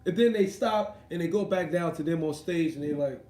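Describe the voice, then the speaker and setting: High mellow guy ranting n cussing, rambly, roomy echo. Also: brisk. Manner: animated, profane, rambling. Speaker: commentator. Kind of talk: casual profane rant. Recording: echoey room with faint noise.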